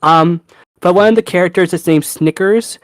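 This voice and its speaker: A young man co-hosting a podcast in casual chat, animated, laughing and swearing freely. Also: sits high, moderate pace, no echo. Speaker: podcast co-host.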